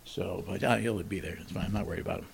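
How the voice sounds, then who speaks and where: An older man hosting a podcast, reading joke headlines in a deadpan way and muttering wisecracking asides. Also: low-pitched, quick pace, vocal fry, husky. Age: 60s. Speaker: podcast host. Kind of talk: deadpan satirical news monologue.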